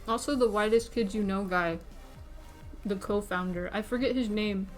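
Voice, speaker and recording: A woman streamer in casual livestream chat, chatty and excitable, talking while eating. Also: mid-range voice, normal speed. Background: faint background music.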